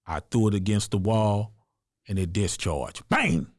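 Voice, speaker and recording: A man's voice: on the low side, unhurried, dry recording, studio quality. A man from the United States, a podcast guest, telling his own story in an earnest, emphatic, conversational way. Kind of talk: personal storytelling in an interview.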